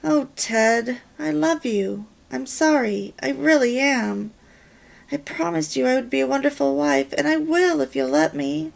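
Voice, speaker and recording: A woman reading the part of a quick-tempered wife and mother who speaks in a pleading way. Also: high voice, creaky, pitched above the performer's own voice, exaggerated voice.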